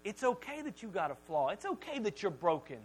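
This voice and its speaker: A male pastor preaching a sermon, telling Bible stories and family anecdotes in an animated, joking way. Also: sits high, fairly quick, slight background noise, rough recording. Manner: animated storytelling, jokey.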